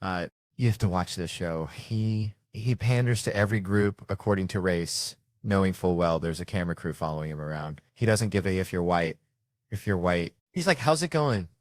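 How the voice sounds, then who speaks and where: Deep-voiced male stand-up comic. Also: normal speed, no echo, studio quality. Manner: animated storytelling with acted-out voices. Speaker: stand-up comedian. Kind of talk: stand-up comedy. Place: comedy stage. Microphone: handheld stage microphone.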